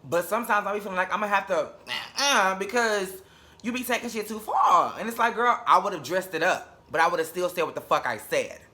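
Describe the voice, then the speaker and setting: Sassy, bright-voiced young man reviewing TV. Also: high-pitched, animated, a little fast. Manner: sassy, blunt, swearing. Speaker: reality TV reviewer. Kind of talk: casual episode review.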